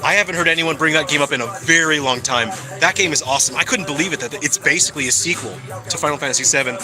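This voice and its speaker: A man's voice: fairly high pitch, very fast, music in the background, low-quality recording. A man chatting casually and cheerfully on a live stream, answering his viewers as he goes. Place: hangout spot in California.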